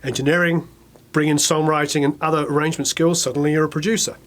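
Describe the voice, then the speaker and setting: A middle-aged man with an English accent, chatting as an interview guest and telling animated stories with quick asides. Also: fairly high pitch. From England. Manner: animated storyteller, quick asides, acts out quotes. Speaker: record producer, interview guest. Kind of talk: casual interview chat.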